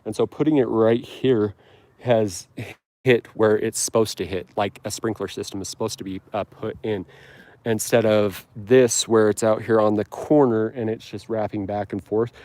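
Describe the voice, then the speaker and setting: A man's voice: fairly low pitch, steady tone, normal speed, warm tone, no room sound. A man hosting a casual lawn care live stream, rambling and upbeat with frequent ums and restarts, outdoors on his lawn. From Utah. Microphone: handheld phone camera.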